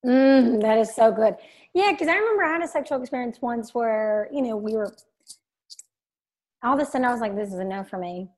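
Woman host, mellow tone, affirming and eager. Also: a little high, fairly quick, long pauses. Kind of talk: casual podcast conversation.

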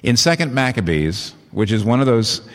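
A man preaching a sermon, animated and leaping up in pitch to stress his points. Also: normal speed. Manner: animated, rising in pitch for emphasis. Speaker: pastor. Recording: long hall reverb.

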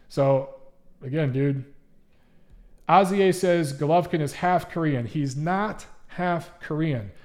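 A man's voice: a little high, darkish tone. A man hosting a casual livestream, talking emphatically and reading out viewer comments. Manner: emphatic, conversational, frequent restarts. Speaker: livestream host and boxing writer.

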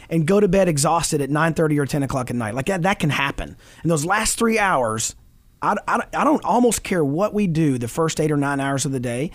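Man, middle-aged, higher-pitched, animated and preachy, dry close mic. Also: normal speed, no room sound. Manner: animated, preachy, quotes scripture, laughs often. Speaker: guest on a Christian fatherhood talk show. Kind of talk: earnest casual talk.

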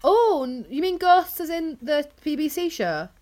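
A young woman co-hosting a podcast, teasing and jumping in with quick remarks. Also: sits high, big pitch swings, a little mellow. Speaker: podcast co-host. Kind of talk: casual chat.

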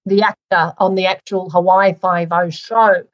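An Australian woman, an author and former radio DJ, chatting in an interview and telling lively stories. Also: lowish voice, unhurried, dull audio. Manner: lively storyteller, laughs through anecdotes. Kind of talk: casual interview chat.

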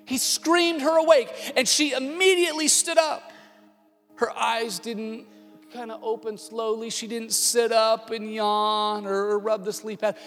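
A man in his thirties, a lead pastor, preaching a sermon with animated storytelling that swings between hushed tones and shouting. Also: sits high, measured pace. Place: church auditorium. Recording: long hall reverb with faint music.

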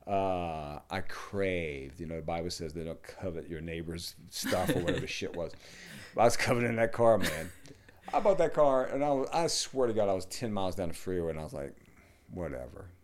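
A middle-aged man, a yoga teacher, talking in a rambling, casual way, swearing and dropping to low mutters. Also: expressive, a little fast. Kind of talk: casual podcast conversation.

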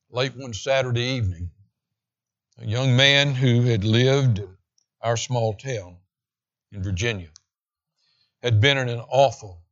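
A man preaching a sermon with emphasis, slowing down to read scripture aloud. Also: medium pitch, highs cut off. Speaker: pastor.

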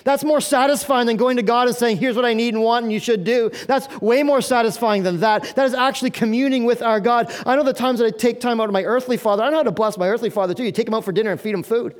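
A man's voice: very high-pitched, quick pace, few pauses. A male pastor preaching a sermon in an earnest, conversational way, asking the congregation questions.

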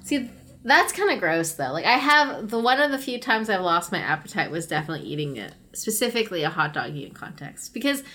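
A woman's voice: fairly low pitch, very animated, fairly quick, sharp tone. A woman in casual chat, telling rambling stories and laughing often. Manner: giggly, rambling storyteller.

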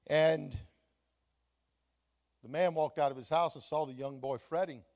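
A pastor preaches a sermon full of playful, humorous storytelling, animated and laughing at his own jokes. His voice is a little high, and he speaks a little slowly.

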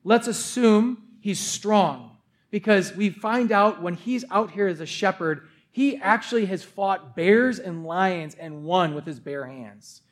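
High-voiced casual male preacher. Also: slow pace. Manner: casual, conversational, uses "like" a lot. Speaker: pastor. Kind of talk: sermon.

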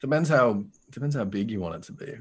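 A man's voice: mid-range voice, expressive, fast talker, slightly rough. Male co-host, casual gaming chat, joking, restarts often. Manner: joking, trailing off, repeats words.

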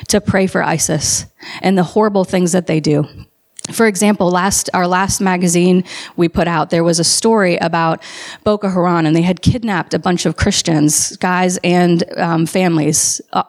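A woman's voice: fairly low pitch, fairly even intonation, moderate pace, darkish tone. A woman preaching a sermon, telling a story with building passion and emphatic calls to her listeners.

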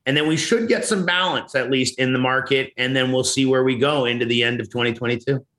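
A man's voice: medium pitch, a little fast, a bit bright. A man, a guest on a radio talk show, confidently forecasting the housing market with frequent restarts. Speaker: mortgage and investment guest. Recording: roomy echoey sound.

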